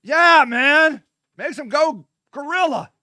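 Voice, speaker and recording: High, bright-voiced man riffing irreverently. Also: animated, slow pace, no echo, studio quality. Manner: rambling, irreverent, jokey, bursts into shouts; vamping, talks to his audience. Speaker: host. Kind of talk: casual solo monologue.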